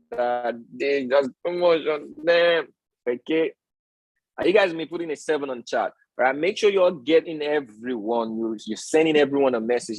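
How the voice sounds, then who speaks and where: Husky-voiced man teaching a live market lesson. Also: a little high, dry recording, low-quality recording. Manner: preachy, repeats tag questions like "all right?"; asks the audience rhetorical questions. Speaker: trading educator and stream host.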